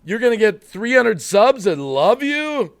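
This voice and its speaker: A man's voice: high voice, sing-song, measured pace, smooth. A man hosting a live stream, ranting bluntly to his chat and breaking off to apologize for getting worked up. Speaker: livestream host.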